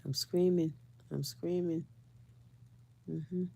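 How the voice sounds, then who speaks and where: Low-voiced mother vlogging casually. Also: steady tone, takes it slowly, vocal fry, mellow. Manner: repeats herself for emphasis, often laughing. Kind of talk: casual chat to camera.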